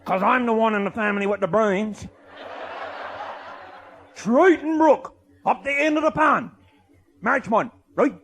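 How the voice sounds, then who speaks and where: A man with a Newfoundland accent telling a comic tall tale, boisterous, often shouting and laughing mid-sentence. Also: extremely high pitch, unhurried, pauses often, slight background noise. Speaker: comic storyteller.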